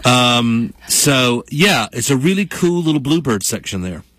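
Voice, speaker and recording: A man from Western North Carolina co-hosts a local morning radio show, his mid-range voice very animated at a measured pace as he chats casually and upbeat, often trailing off mid-sentence. He's on a studio microphone with dry, close studio sound, though there's a noisy background.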